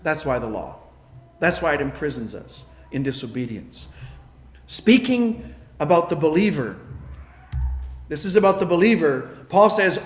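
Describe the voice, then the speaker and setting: High-voiced man preaching in an echoey room. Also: very animated, measured pace, long pauses. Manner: emphatic, swings between loud declarations and quiet asides. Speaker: pastor. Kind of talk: sermon.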